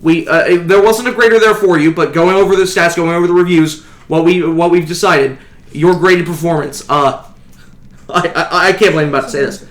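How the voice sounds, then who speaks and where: A man's voice: fairly high pitch, fairly even intonation, fairly quick, fairly bright tone, reverberant, natural voice. A man doing a back-slapping agency boss. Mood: chummy. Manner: back-slapping, rambling, folksy. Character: boisterous middle-aged male hero-agency boss.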